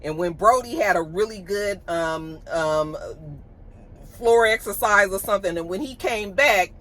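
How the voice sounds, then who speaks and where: A woman runs her vlog in a chatty, gossipy way. She tells stories with animated flair in a bright, forward-placed voice. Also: mid-range voice, measured pace. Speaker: vlogger. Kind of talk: casual chat.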